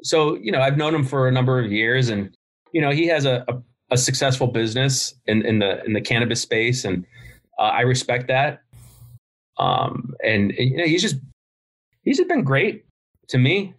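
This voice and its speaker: A middle-aged man, a business founder appearing as a podcast guest, tells stories bluntly in casual interview talk, swearing freely. His mid-range voice is very animated and moves at a moderate pace.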